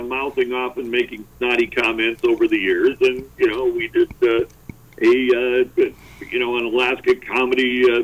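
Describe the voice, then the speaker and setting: Man, radio guest, rambling storyteller, husky voice, very lively pitch, dull lo-fi sound. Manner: rambling, animated, self-deprecating, lots of fillers. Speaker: guest, former comedy performer.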